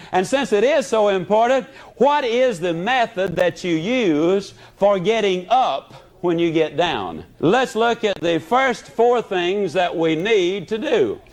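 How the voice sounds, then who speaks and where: A man giving a motivational speech, telling it in a folksy, animated way with humor. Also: a little high. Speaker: motivational speaker.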